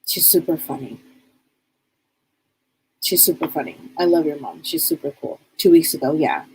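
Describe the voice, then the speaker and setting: A woman's voice: low voice, lively intonation, moderate pace, darkish tone, a little hiss or hum, rough recording. A woman psychic medium giving a live reading, chatty and rambling as she passes on what spirits tell her.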